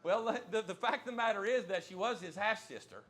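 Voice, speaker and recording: Pastor: man preaching to a live congregation, higher voice, folksy, hammers his key lines. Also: fairly quick, fairly bright tone. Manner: emphatic, repeats key phrases, folksy humor. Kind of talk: sermon. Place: church sanctuary, live service.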